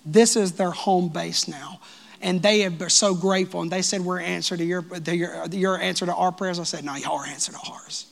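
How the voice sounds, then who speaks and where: A man preaching a sermon as pastor of his church, lively and joking with the congregation. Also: high-pitched, moderate pace, vocal fry, noisy background. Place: church sanctuary.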